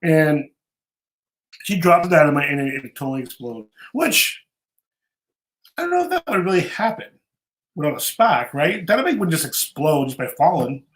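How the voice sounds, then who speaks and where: A man with a slightly high voice hosts a podcast and recaps episodes in loose, chatty talk. He often stumbles and repeats words as he goes. The room around him rings with echo. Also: sing-song, moderate pace, pauses often, fairly bright tone. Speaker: podcast host. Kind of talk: casual recap chat.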